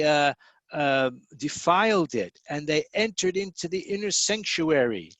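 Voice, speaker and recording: A man's voice: fairly high pitch, fairly bright tone, no room sound. American man giving a Torah lecture. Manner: explanatory, spells out words, many fillers and restarts. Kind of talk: recorded lecture.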